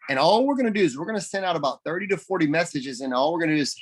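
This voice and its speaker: Man, coaching talk on a group call, energetic and emphatic, fairly high voice, repeats himself for stress. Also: rapid-fire, few pauses, slightly rough. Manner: energetic, emphatic, repeats phrases and role-plays messages. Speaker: network marketing team leader.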